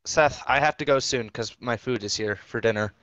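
A man's voice: medium pitch, moderate pace, background noise. A young man on a voice call patiently guiding a friend through fixing a computer, step by step. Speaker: friend giving tech support on a voice call. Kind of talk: casual call.

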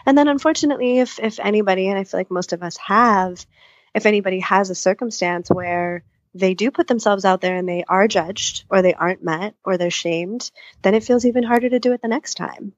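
A woman's voice: medium pitch, a little fast, no echo, dull audio. A woman couples therapist answering interview questions at length, thoughtful, often voicing what clients might say to themselves. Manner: thoughtful, explains at length with spoken-out inner voices.

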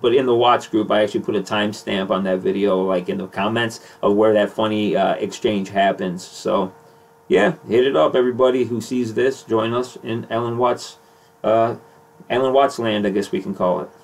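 A man's voice: fairly low pitch, steady tone, moderate pace, creaky, recorded from a distance. A young man hosting a podcast in a casual, joking chat, rambling and laughing often. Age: young adult. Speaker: podcast host.

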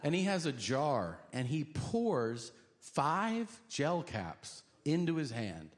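A male stand-up comedian telling a story, animated and profane, acting out each scene. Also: fairly high pitch, takes it slowly.

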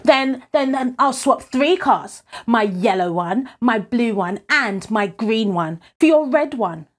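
A woman voicing an eager, sly young boy in a read-aloud picture book, in a bright, excited, pleading way. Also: on the high side, slow pace, pitched above the performer's own voice.

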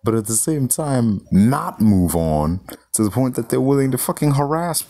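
A man's voice: medium pitch, very animated, moderate pace, mellow. A man giving a casual, profane movie review, riffing loosely and slipping into mock voices.

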